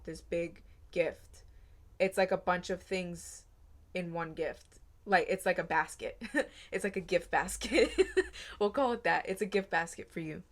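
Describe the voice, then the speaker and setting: A woman giving a casual tarot reading, earnest and rambling, with many fillers. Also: fairly low pitch. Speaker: tarot reader.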